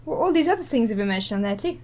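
A fairly high-voiced woman co-hosting a casual podcast. She runs through news items at a brisk clip and hushes her co-hosts in between. The recording sounds dull and lo-fi. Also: big pitch swings. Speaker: podcast co-host presenting gaming news.

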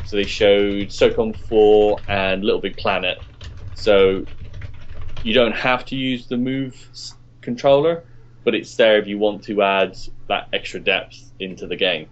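Low-voiced man musing with many ums. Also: fairly even intonation, unhurried. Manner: hesitant, many ums while giving opinions. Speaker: podcast co-host. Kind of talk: casual podcast opinion. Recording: dull lo-fi podcast audio.

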